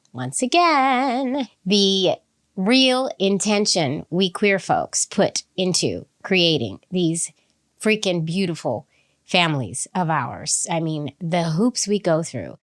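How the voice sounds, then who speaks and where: A woman hosting a podcast, chatty and upbeat with frequent laughs, talking through a slight cold. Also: fairly low pitch. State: has a cold. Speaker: podcast host. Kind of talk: casual podcast intro.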